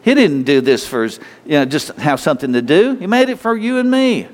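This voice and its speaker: A man's voice: fairly high pitch, very animated, fairly quick. Preacher man in a reverberant hall. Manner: rambling, repetitive, with frequent restarts. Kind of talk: informal sermon.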